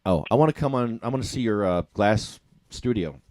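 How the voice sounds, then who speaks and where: Playful, animated male co-host. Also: fairly low pitch, brisk, no echo, studio quality. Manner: playful, bantering. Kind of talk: casual chat.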